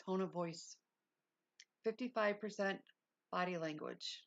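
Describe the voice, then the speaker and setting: A woman's voice: lowish voice, unhurried, dull audio. A woman hosting a casual livestream lesson, reading notes aloud and breaking off into chatty asides. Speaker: livestream host.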